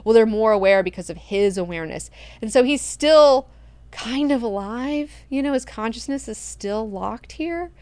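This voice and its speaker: A woman's voice: on the high side, animated, moderate pace, a little mellow, dry recording. A woman hosting a book club, retelling the story in a casual, crude, slangy way with lots of filler words.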